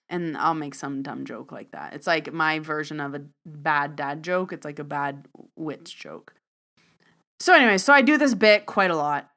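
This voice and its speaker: A young woman hosting a podcast, casually telling a joking story with lots of animated retelling. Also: low-pitched, normal speed. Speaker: podcast host, psychic medium.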